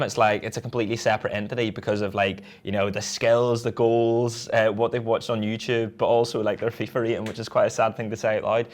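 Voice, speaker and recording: A man, co-hosting a casual football chat, talking in loose run-on sentences and laughing easily. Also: medium pitch. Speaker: podcast co-host.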